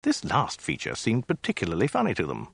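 Dry, lively-voiced male storyteller. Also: lowish voice, gravelly, slightly rough, no echo. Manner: dry, deliberate comic delivery. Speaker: audiobook narrator. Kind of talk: comic story narration.

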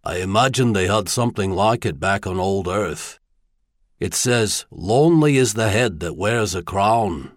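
A man voicing a small, shrewd, wry prince in an audiobook, with a measured, dry delivery. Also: lowish voice, expressive, no echo. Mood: gentle.

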